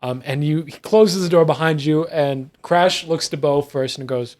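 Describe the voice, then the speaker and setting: Male game master, slightly high voice, rambling, laughs a lot. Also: normal speed, hardly any pauses, darkish tone. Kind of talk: narrating a tabletop game.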